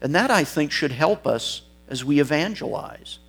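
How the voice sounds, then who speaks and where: A man's voice: on the high side, expressive, moderate pace, creaky, slightly rough, faint music behind. A man preaching an expository sermon, reading scripture and stressing key words, once correcting himself mid-sentence.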